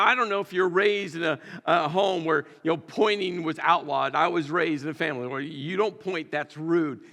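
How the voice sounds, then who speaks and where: A man's voice: high-pitched, sharp tone, long reverb tail. A man preaching a sermon in a conversational, storytelling way, with emphatic repetitions. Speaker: pastor. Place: church sanctuary.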